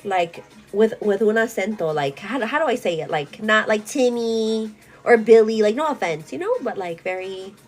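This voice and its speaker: A woman's voice: mid-range voice, lively intonation, normal speed, soft background music, low-quality recording. A woman from a Mexican-American family chatting casually while getting ready at home, bubbly and laughing often, dropping in Spanish words. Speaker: beauty vlogger. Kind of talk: casual chat.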